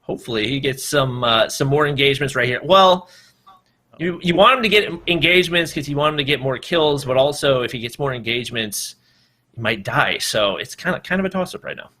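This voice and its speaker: Man, esports commentator, live play-by-play, chatty analytical, lively pitch. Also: fairly quick.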